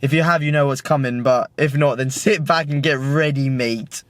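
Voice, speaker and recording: A man's voice: mid-range voice, normal speed, faint music behind. Young british guy vlogging on his camera, hyped and sweary, slangy, says mate a lot. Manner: excitable, slangy and sweary, keeps saying "mate". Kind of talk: casual vlog chat to camera. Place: at home, then in his car. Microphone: self-filmed camera.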